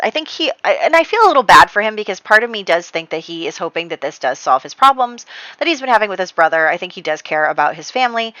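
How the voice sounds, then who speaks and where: A woman's voice: lowish voice, pushed and bright, no room sound, low-quality recording. A young woman chattily recapping her life-sim gameplay story, rambling with fillers and restarts. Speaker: let's play host. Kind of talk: casual gameplay recap narration.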